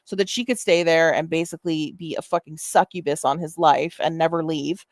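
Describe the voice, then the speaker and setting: A woman's voice: fairly low pitch, steady tone, fairly quick, hardly any pauses, dry recording. A woman streamer giving sarcastic, profane commentary, mocking the person she reacts to.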